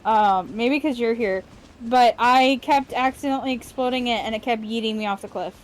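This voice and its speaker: A woman streamer chats casually over her game at a home desk mic. Her voice sits a bit high, and she talks in loose, rambling bursts with ums and the odd swear. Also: moderate pace, slight background noise. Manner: loose and chatty, swears, lots of fillers. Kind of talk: casual gaming chat.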